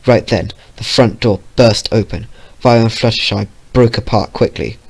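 A man reads a story aloud in a low voice. His delivery is plain and steady, with the odd small slip. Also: moderate pace, breathy edge. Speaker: fanfiction reader.

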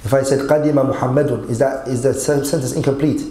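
A man's voice: medium pitch, fairly even intonation, fast talker, mellow. Male Arabic grammar teacher, echoey room. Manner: quizzes students, mixing Arabic quotes with English. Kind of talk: online lesson explaining Arabic grammar.

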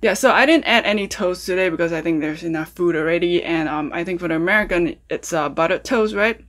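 A woman's voice: fairly low pitch, fast talker, a bit bright. A woman food vlogger chatting casually as she walks through cooking and eating breakfast, full of ums and uhs, talking straight to her viewers. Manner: talks to viewers directly, asks them questions. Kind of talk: casual cooking and mukbang chat. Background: faint background music.

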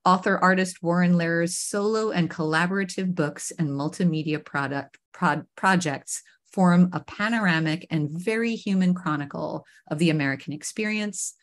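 A woman hosts a live online arts talk show from a video call. Her voice sits on the low side for a woman, and she speaks with gushing enthusiasm, often stumbling and restarting mid-phrase. She comes from Queens, New York. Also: moderate pace, hardly any pauses. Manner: enthusiastic, effusive, with frequent restarts. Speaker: host.

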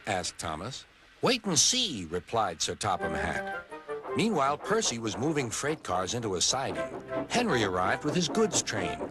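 A man's voice: lowish voice, moderate pace. An American man narrates a children's story, his voice rising and falling a great deal. Music plays under his reading throughout. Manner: animated, expressive storytelling.

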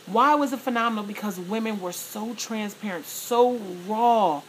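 Excited chatty woman vlogger. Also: a little high, normal speed, slight background noise, poor audio. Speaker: vlogger and plus-size model. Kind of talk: casual chat to viewers.

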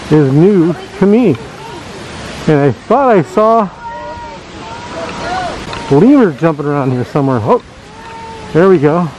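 A man's voice: on the high side, animated, takes it slowly, long pauses, a little mellow, slight background noise, poor audio. A man casually vlogging on a zoo visit, joking and chatting to his viewers. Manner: jokey, chatty, talks to viewers. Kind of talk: casual vlog commentary. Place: outdoors at a zoo.

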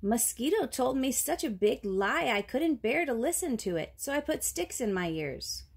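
A woman voicing a flustered male iguana in a storybook reading, protesting his innocence in a high voice. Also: sing-song, normal speed, breathy edge, full character voice.

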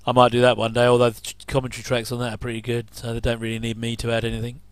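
A man talks loosely through a casual commentary, drifting between remarks and little chuckles. His voice is smooth and clear at a middling pitch. The sound is dry and close, with no room around it. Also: completely flat delivery, rapid-fire, no room sound. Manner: rambling, chuckling asides.

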